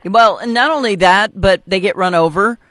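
An older woman hosts a casual radio interview, chatty and blunt, quick to laugh. She comes from North Dakota and speaks close to a studio mic. The sound is dry, with no room in it. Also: mid-range voice, a bit bright, no room sound. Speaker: radio host.

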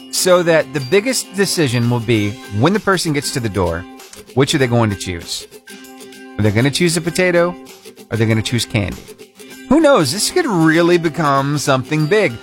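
A man's voice: a little high, a bit bright. A man hosting a short radio feature segment, telling the story in a chatty, playful way with punchy emphasis. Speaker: radio host.

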